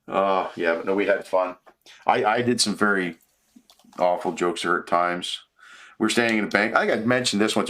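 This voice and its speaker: A man's voice: on the low side, bright, forceful tone. A man in his fifties chatting casually while he builds, rambling through joking stories. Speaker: streamer.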